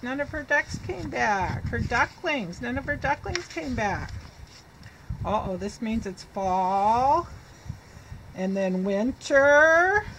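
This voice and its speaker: Lady reading teacher, slow and careful, high voice, sounds words out for little kids. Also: fairly bright tone, a little hiss or hum, poor audio. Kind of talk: children's reading lesson and sing-along.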